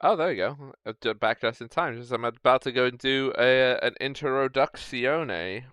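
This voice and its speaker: A man's voice: medium pitch, fairly quick, a bit bright, clear, resonant tone, no echo. A man hosting a streamed tabletop game as game master, chatty and joking. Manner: chatty, joking, self-correcting.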